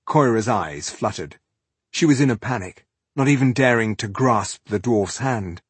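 Husky male audiobook narrator. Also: on the low side, animated, no echo. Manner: measured, dramatic storytelling. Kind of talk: scripted fantasy narration.

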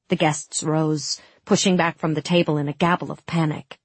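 A woman narrating a fantasy audiobook in the first person, with steady, dramatic storytelling on a close studio mic. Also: sits low, normal speed, few pauses, slightly rough, dry recording.

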